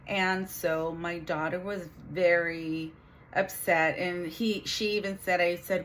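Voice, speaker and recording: A middle-aged woman vlogging, telling a painful family story in an earnest, halting way with many restarts. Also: on the low side, steady tone, a bit bright, a little hiss or hum. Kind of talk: emotional personal storytelling.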